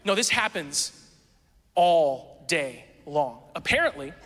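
A man preaching a sermon, telling a story in a casual, self-mocking and animated way. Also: on the high side, slow, long reverb tail. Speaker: pastor.

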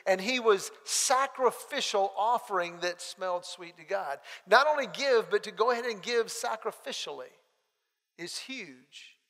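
High-voiced preacher in a reverberant hall. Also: male voice. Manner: animated storyteller acting out dialogue. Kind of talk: sermon with personal storytelling.

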